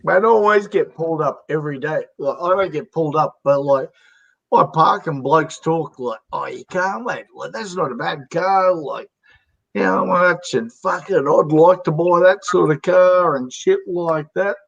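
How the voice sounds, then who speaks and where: Aussie bloke rambling about cars, lots of slang, muffled lo-fi sound. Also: male voice, on the high side, normal speed, vocal fry. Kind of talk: casual chat. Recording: dull lo-fi audio.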